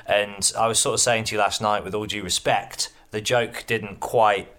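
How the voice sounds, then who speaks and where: Male host, low and bright, measured and articulate. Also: fairly even intonation. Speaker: podcast host. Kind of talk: casual interview.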